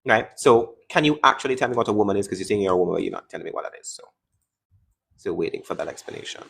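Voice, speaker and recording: Fast-talking mocking male debate host. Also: fairly low pitch, lively intonation, vocal fry, fairly bright tone, slightly rough. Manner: mocking, interrupting, taunting callers. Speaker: host of a live debate stream. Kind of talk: combative live-stream debate.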